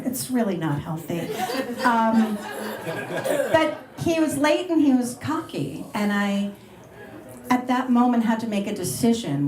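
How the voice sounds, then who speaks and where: A woman's voice: lowish voice, a little mellow. Chatty middle-aged woman radio host. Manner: chatty, laughing, bubbly asides. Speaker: radio host speaking at a luncheon. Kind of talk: casual talk and Q&A with an audience. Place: restaurant dining room. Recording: roomy live event recording.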